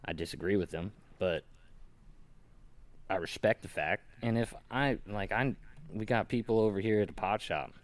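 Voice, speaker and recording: A man's voice: lowish voice, moderate pace. A man in a casual podcast chat, earnest and defensive, making his case about online honor. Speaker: podcast co-host.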